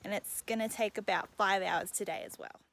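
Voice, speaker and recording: A woman's voice: medium pitch, fairly even intonation, brisk, gravelly. A young woman vlogging casually to camera while hiking on a mountain trail, chatty and often out of breath. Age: young adult. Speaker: travel vlogger.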